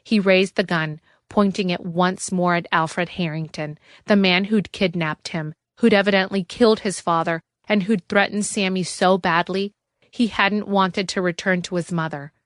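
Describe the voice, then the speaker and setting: Female audiobook narrator, lowish, measured, dry studio sound. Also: steady tone, dry recording.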